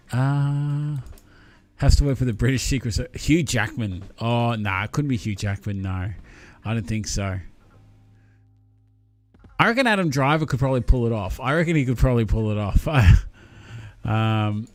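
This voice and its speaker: A man's voice: medium pitch, expressive, measured pace, long pauses, soft background music. Easygoing man rambling on a stream. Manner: rambling, easygoing, many ums and trailing-off thoughts. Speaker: streamer chatting with viewers. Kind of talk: casual live-stream chat.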